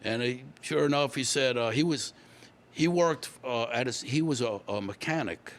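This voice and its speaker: A man in his sixties from Louisiana, a guest musician telling stories in a relaxed interview, rambling along unhurriedly with many fillers. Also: mid-range voice, moderate pace.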